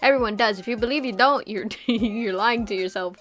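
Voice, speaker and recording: Young woman streamer, slightly high voice, giggly and rambling, casual chat. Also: fairly quick, a bit bright, soft background music. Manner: giggly, rambling, many fillers.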